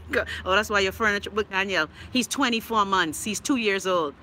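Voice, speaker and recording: Bahamian lady on a livestream reading comments, loud mouth and cussing, bright punchy voice. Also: medium pitch, moderate pace, a little hiss or hum. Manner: outspoken, profane, sassy, laughs often. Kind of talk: casual live-stream chat.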